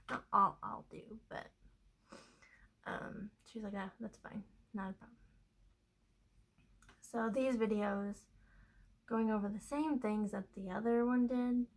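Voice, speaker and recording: A talkative woman from Kentucky with a fairly high voice, hosting a knitting video. She rambles through her stories with lots of fillers and easy laughs. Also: darkish tone, rough recording. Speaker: knitting podcaster. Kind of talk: casual chat.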